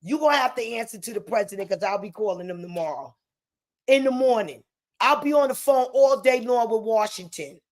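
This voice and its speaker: A woman from the United States, ranting heatedly to the camera at home and swearing freely, her voice rising into shouts. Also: a little high, expressive, brisk. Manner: heated, profane, breaks into shouting. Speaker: vlogger. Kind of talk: angry direct-to-camera rant. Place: home in the Bronx.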